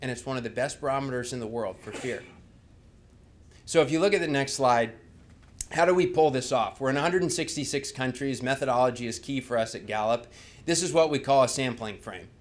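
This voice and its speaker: A man's voice: mid-range voice, brisk. Man giving a conversational slide talk. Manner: conversational, asks the audience rhetorical questions. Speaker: presenter.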